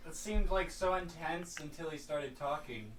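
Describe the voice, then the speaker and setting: A man's voice: fairly high pitch, moderate pace, recorded from a distance. A man co-hosting a casual gaming podcast, joking in a dry way. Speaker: podcast co-host. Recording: echoey room.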